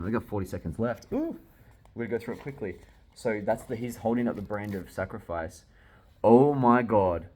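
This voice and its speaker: Brief: young guy, low voice, loud excitable reactions, curses freely while reviewing comics. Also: slightly rough. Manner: excitable, swearing, laughing often. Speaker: manga reviewer. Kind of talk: casual reaction commentary.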